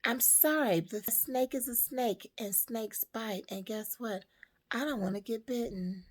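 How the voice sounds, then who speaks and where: A woman telling a parable and giving life advice to women in a slow, emphatic, preaching way. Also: fairly high pitch. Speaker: storyteller and motivational speaker.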